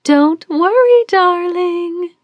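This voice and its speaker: A woman voicing a dreamy, eccentric middle-aged mother who sees visions, speaking in a breathy, airy whisper. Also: very high voice, expressive, drawn-out words, no room sound, lo-fi sound, pitched above the performer's own voice, heavily acted. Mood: airy cheerful.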